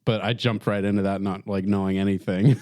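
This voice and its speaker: A man's voice: fairly low pitch, little pitch movement, a little fast, darkish tone, dry recording, studio quality. A man co-hosting a casual podcast, hesitant and stumbling through his opinions. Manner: hesitant with restarts. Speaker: podcast co-host. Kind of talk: casual chat.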